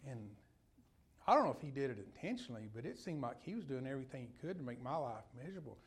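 A man's voice: mid-range voice, very animated, fast talker, breathy edge. A man preaching a sermon in a folksy, conversational way, telling personal stories and putting questions to his listeners.

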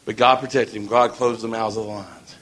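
A man's voice: on the low side, fairly even intonation, a little fast, a bit bright. A man preaching a sermon in a folksy, storytelling way.

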